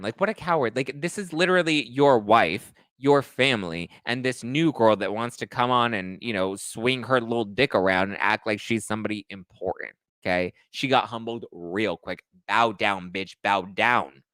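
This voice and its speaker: Male host, sassy and dramatic, medium-pitched, dry close recording. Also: fairly bright tone, no room sound. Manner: sassy, dramatic, rapid asides. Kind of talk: casual reality TV recap.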